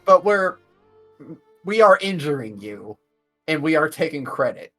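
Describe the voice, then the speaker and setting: A tabletop game player chatting casually, halting and hesitant as they work out a plan. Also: medium pitch, big pitch swings, bright, forceful tone, soft background music.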